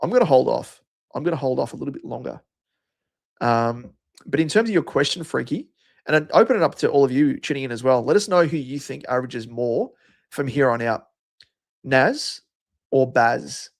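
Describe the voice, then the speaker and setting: A man's voice: medium pitch, expressive, moderate pace, creaky. A man with an Australian accent hosting a live stream, chatting casually and answering viewers' comments by name. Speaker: livestream host.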